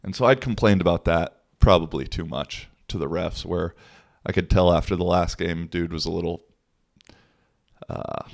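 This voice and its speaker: A man's voice: deep voice, normal speed, gravelly, darkish tone, no echo, clean studio sound. A man, hosting a casual podcast and telling a rambling story with swearing and laughs. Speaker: podcast host. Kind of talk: casual solo podcast talk.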